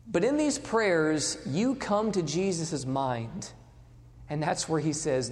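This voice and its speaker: Lively preacher in a reverberant hall. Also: male voice, fairly high pitch, slow pace. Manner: dramatic, swings between loud and hushed. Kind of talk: sermon.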